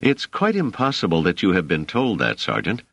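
A man's voice: deep voice, wildly swooping pitch, moderate pace, gravelly, a bit bright, no room sound, full character voice. A man voicing a firm, indignant male scholar. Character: clever, stubborn male scholar, easily irritated. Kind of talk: audiobook character reading.

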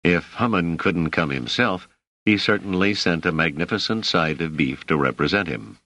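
A man's voice: low-pitched, lively intonation, moderate pace, bright, forceful tone, exaggerated voice. A man reading an audiobook, voicing a stubborn male scholar who speaks firmly and with indignation. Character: clever, stubborn male scholar, easily irritated.

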